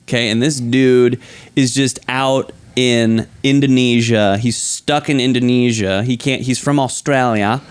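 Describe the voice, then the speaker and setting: A man's voice: medium pitch, fairly even intonation, unhurried, smooth. A man co-hosting a podcast in loose casual chat, rambling through stories with crude jokes and laughter. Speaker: podcast co-host.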